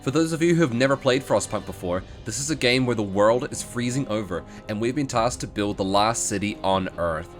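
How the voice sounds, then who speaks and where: A man's voice: medium pitch, expressive, a little fast, few pauses, faint music behind. A man giving playful, joking commentary on a video game as a streamer. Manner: playful, joking, laughs often.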